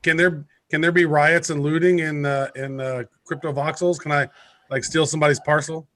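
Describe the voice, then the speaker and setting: A man's voice: fairly high pitch, level tone, moderate pace, fairly bright tone. A man co-hosting a podcast, joking and bantering playfully. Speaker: podcast co-host.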